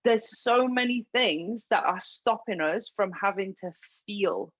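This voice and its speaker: A woman's voice: medium pitch, measured pace, fairly bright tone, dry recording. A woman hosting a podcast, chatting and affirming her guest. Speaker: podcast host. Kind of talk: casual podcast conversation. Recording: dull lo-fi sound.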